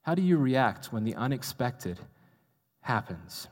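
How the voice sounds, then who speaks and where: A man's voice: medium pitch, very animated, measured pace, darkish tone. A man preaching a sermon in a conversational way, asking the audience rhetorical questions and mocking himself in asides. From United States. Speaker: pastor. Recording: long reverb of a large hall.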